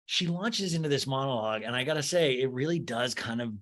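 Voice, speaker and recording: A podcast host with a bright, mid-range voice talks a little fast with lively intonation on his casual solo show. He gossips and laughs through a recap, swears freely, and sarcastically mimics cast members in exaggerated voices.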